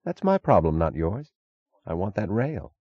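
A man's voice: deep voice, unhurried, slightly rough, no room sound, lo-fi sound, heavily acted. A man voicing a determined female railroad executive who speaks evenly and directly. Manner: even, direct, businesslike.

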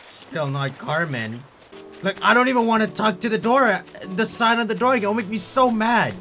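A young man giving let's play commentary, with excitable and exaggerated frustrated rants. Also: high voice, normal speed. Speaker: gaming YouTuber.

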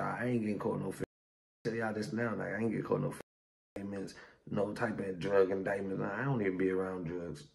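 A young man, ranting casually to camera in a slangy, animated vlog. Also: low-pitched, creaky. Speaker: YouTuber.

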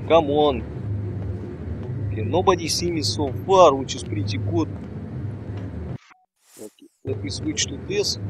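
A man commentating casually on his gameplay in broken English, bursting into excited shouts. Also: on the high side, noisy background. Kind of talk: casual let's-play commentary.

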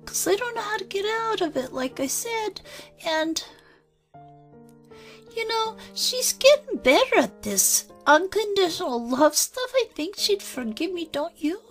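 A woman's voice: very high voice, very animated, unhurried, faint music behind, exaggerated voice. A woman speaking as her inner child, an earnest, anxious five-year-old girl who rambles and apologizes. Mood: worried. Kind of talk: spoken channeling session.

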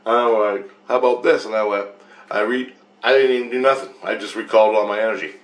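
Rambling, profane man, somewhat low voice. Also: fairly even intonation, quick pace. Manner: repetitive, profane, loops back on phrases. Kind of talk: rambling personal account.

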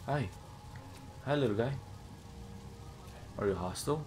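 This young man's mid-range voice keeps a moderate pace but pauses often, with a slight hiss or hum. He hosts a gaming channel and comments casually on his own play, excitable and quick to gasp or exclaim as he explores.

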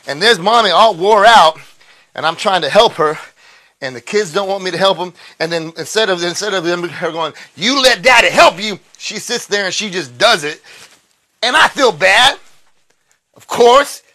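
A man, chatting loudly and excitedly on a phone live stream. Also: high voice, moderate pace. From Texas. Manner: excitable, loud and chatty, drawling. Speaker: livestream host and musician. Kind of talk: casual live stream chat.

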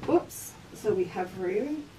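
A woman's voice: mid-range voice, animated, slow, distant mic. An Australian woman hosting a live sewing demonstration, chatty and breaking off from the task to greet viewers. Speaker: craft teacher and shop host. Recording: voice a little off-mic, faint background noise.

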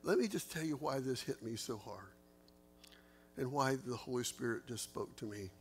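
A pastor talks through scripture with his church in a plain, mid-range voice. He is earnest and conversational, and his pitch leaps upward when he stresses a point. A faint hum sits underneath the recording. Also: lively intonation, moderate pace. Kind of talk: Bible study teaching.

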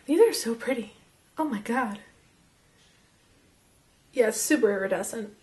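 A young woman casually reviewing makeup as she swatches it, chatty and excitable and half losing her voice. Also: fairly high pitch, a little slow. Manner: chatty and excitable, drops to whispers. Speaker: beauty vlogger.

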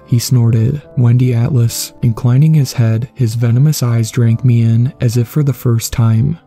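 Male horror narrator, very dark mellow tone, slow measured read, soft guitar underneath. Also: medium pitch.

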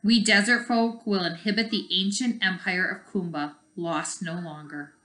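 A woman voicing a calm, kind desert empress, speaking softly. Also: fairly low pitch, moderate pace, echoey room, lightly acted. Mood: gracious.

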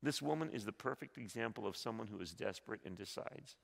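A male pastor preaching a sermon, swinging between loud appeals and soft, hushed passages, often repeating his words. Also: fairly low pitch, lively intonation, fast talker, vocal fry, hardly any pauses, in a large hall. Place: church sanctuary.

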